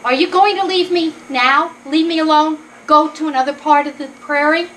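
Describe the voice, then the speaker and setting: A woman's voice: high voice, steady tone, moderate pace, fairly bright tone, slight background noise, voice pushed up. A woman voicing a small, self-important male mouse who insists defiantly that he will not be moved. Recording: distant mic at a live event.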